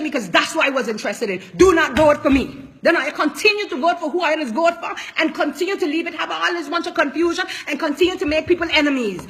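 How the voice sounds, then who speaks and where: Emphatic high-voiced woman politician. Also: a bit bright, a little hiss or hum. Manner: emphatic, repetitive, emotional. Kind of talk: impassioned public statement.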